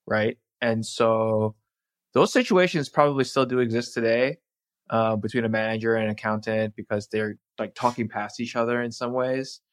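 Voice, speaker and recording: A man hosting a business podcast. He asks friendly questions, often stopping to restart with "uh" and "um". His voice sits at a middle pitch and is recorded close and dry. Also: fairly bright tone, no echo. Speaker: podcast host. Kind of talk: podcast interview.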